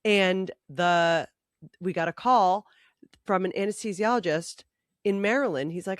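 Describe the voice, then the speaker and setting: A woman's voice: on the low side, measured pace, no echo, studio quality. A woman, a podcast co-host, in casual chat who breaks in to correct details and retell events. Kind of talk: casual chat among sisters.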